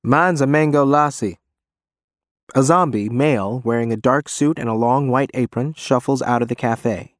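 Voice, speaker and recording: A man's voice: mid-range voice, normal speed, hardly any pauses, no room sound, clean studio sound. A man narrating a story in first person. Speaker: audiobook narrator. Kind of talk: scripted narration.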